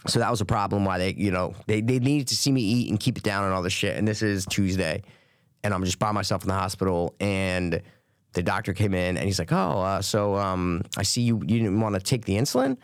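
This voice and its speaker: A man's voice: low voice, brisk, dry recording, studio quality. A man co-hosting a podcast, telling a story in casual, profane chat and acting out the voices of the people in it. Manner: profane, animated retelling with quoted voices. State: recovering from illness. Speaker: podcast co-host.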